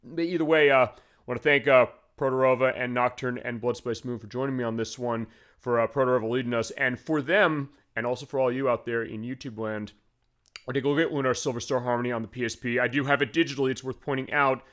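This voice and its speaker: A man's voice: mid-range voice, steady tone, quick pace, a bit bright. A man hosting a retro game show, explaining in a rambling voice-over full of fillers. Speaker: game stream host.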